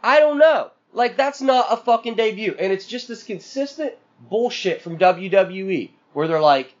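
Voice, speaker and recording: A man's voice: high-pitched, lively intonation, normal speed, few pauses, highs cut off. A man co-hosting a podcast, venting in a profane, exasperated rant full of sarcastic mock quotes. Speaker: podcast co-host.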